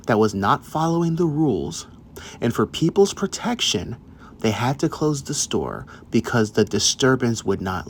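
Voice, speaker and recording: A man's voice: medium pitch, a little hiss or hum. A man hosting a reaction video, bluntly scolding the person in the clip and speaking directly to his viewers. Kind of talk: commentary on a clip.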